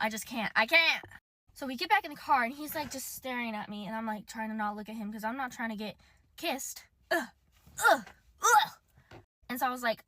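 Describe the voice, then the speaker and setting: A woman's voice: sits high, bright, forceful tone, no echo. A young woman telling a dating story casually, quoting herself and others in her own voice. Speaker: social media storyteller.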